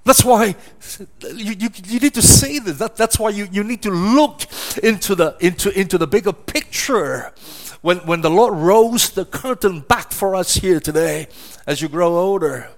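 A middle-aged pastor preaches in a notably high voice. He leans on rhetorical questions and repeats words as he drives each point home. His delivery is emphatic and earnest. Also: lively intonation, normal speed. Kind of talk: sermon.

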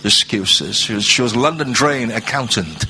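Man, preacher, sermon, bright voice, slow scripture reading, soaring drawn-out lines, faint ambience. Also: lively intonation, slight background noise. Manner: rises to high, drawn-out proclaiming.

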